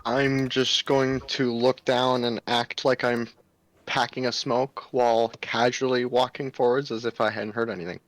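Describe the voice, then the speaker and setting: A man's voice: mid-range voice, flat delivery, normal speed. A man playing in a live tabletop game, describing his character's actions casually. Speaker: player.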